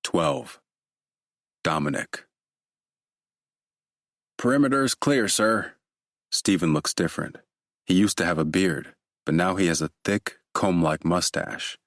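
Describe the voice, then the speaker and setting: A male audiobook narrator with a very low voice reads a thriller in a measured, steady way. The recording is close and dry. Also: creaky, no room sound.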